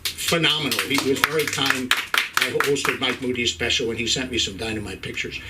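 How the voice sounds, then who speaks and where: A man's voice: mid-range voice, steady tone, brisk, distant mic, very noisy. A middle-aged man from Ireland doing a profane stand-up set in a comedy club, working the crowd with stammering restarts.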